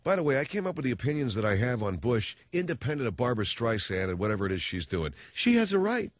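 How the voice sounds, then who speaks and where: A man's voice: fairly low pitch, lively intonation, quick pace, no echo, dull audio. A man hosting a talk radio show, ranting about politics in a sarcastic, mocking way.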